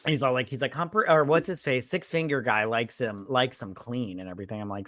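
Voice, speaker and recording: A man's voice: mid-range voice, fast talker, few pauses, dry recording, clean studio sound. A man co-hosting a movie review, talking casually, swearing freely and acting out the characters as he retells the plot. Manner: animated retelling, swearing, acts out lines. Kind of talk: casual chat.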